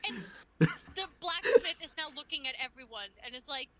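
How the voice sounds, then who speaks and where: A woman's voice: high voice, very animated, normal speed, a loud crowd. A woman narrating a tabletop game as game master, loose and chatty, full of "like".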